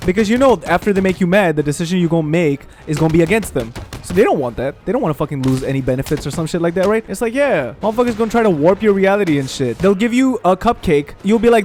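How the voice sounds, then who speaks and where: A man's voice: sits high, expressive, rapid-fire, hardly any pauses, a little mellow. Fired-up ranting young man. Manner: profane, heated ranting with repeated asides. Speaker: gaming streamer. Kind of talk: let's play commentary rant.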